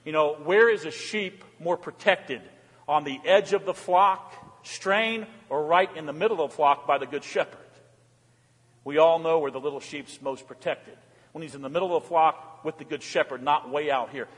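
A male pastor preaching an animated sermon, swinging between hushed asides and loud exclamations. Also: fairly high pitch, moderate pace, slightly rough. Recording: long hall reverb.

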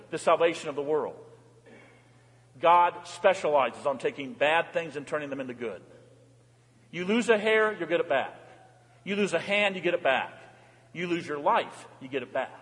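An older man preaches from the pulpit with a fairly high voice that swings between hushed, intimate lows and excited peaks. His words ring out with a long church reverb behind them. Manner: warm, animated preaching with dramatic drops and rises. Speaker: pastor. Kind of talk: sermon. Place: large church sanctuary.

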